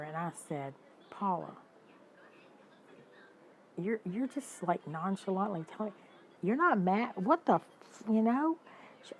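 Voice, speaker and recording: A woman, hosting a livestream and telling stories in an animated, indignant way while talking to her viewers. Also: mid-range voice, slow, long pauses, slight background noise, rough recording. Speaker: livestream host. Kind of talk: casual storytelling to live chat.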